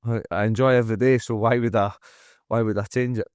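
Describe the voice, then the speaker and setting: A man's voice: mid-range voice, steady tone, fast talker, a little mellow, smooth, dry recording. Frank Scottish man, swearing freely. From Scotland. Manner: frank and emphatic, swears freely, acts out quotes. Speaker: guest, fitness coach and gym owner. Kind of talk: candid podcast conversation. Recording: dry close-miked studio sound.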